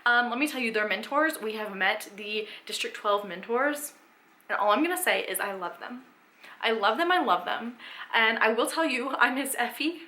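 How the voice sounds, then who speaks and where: A woman's voice: fairly high pitch, normal speed. Gushing, dramatic young woman. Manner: gushing, dramatic, breathless with excitement. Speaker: book vlogger. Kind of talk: excitable reading vlog chat.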